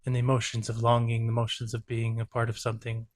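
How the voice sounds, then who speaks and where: A man's voice: mid-range voice, completely flat delivery, fast talker. A man who is a therapist and host, giving earnest, reflective reaction commentary and openly saying when he is moved.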